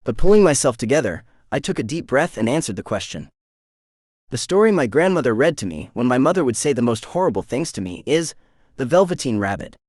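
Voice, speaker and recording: A man narrating a first-person romance audiobook in an expressive, animated way. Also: medium pitch, fast talker, dry recording, clean studio sound.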